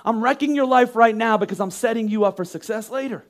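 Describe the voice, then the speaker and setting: A pastor in his thirties preaches a sermon in an extremely high voice, talking fast. He is emphatic and rhetorical, often performing the voices of the people he quotes.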